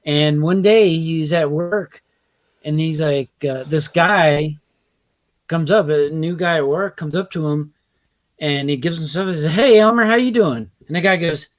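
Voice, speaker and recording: High-voiced man rambling through anecdotes. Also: fairly even intonation, unhurried. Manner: rambling, laughs through his own stories. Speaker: podcast co-host. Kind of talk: casual chat and anecdote.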